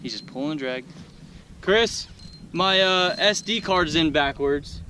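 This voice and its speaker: A man's voice: on the high side, expressive, a little slow. A man vlogging from a kayak, pleading and cheering while fighting a fish. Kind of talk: excited outdoor vlog commentary. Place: kayak out on open water. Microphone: action camera on a hat. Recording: loud wind and water noise outdoors.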